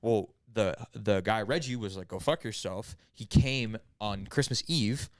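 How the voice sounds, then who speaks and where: A man's voice: fairly low pitch, measured pace, dry recording, clean studio sound. A man casually telling a grim story to friends on a podcast, rambling and profane, with many "right?"s and "like"s. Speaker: podcast host.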